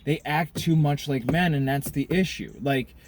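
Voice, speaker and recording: A man ranting in a profane monologue to camera, smoking a cigar as he talks, swinging between loud outbursts and muttered asides. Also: fairly high pitch, normal speed, a little hiss or hum. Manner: smoking a cigar while talking. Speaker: vlogger.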